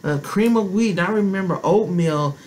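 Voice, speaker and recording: A woman's voice: medium pitch, normal speed, darkish tone, a little hiss or hum, low-quality recording. A grandmother giving a sermon as a prophetess, preaching emphatically with repeated phrases and exclamations. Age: middle-aged or older, a grandmother.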